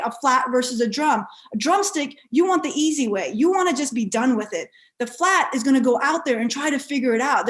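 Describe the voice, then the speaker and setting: A woman giving a motivational keynote, telling personal stories with lively, animated delivery and frequent restarts. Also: high-pitched. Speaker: keynote speaker.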